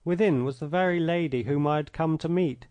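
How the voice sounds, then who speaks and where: A man reading an old adventure story aloud in the first person, measured and expressive, close to a studio mic. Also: fairly high pitch, smooth, no room sound. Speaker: audiobook narrator.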